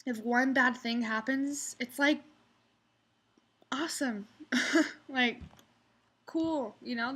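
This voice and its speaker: Bright, high-voiced young woman ranting. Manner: ranting, mocking customers in exaggerated voices. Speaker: restaurant server. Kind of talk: casual storytelling vlog.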